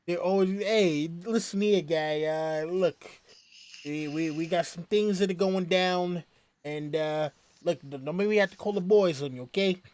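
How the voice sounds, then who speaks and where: A man's voice: sits high, dark tone, lightly acted. Brash mobster tough guy, done by a man at a tabletop game, leaning in hard and rattling off threats and demands. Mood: bossy. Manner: pushy, threatening, fast-talking. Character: brash male Italian mobster.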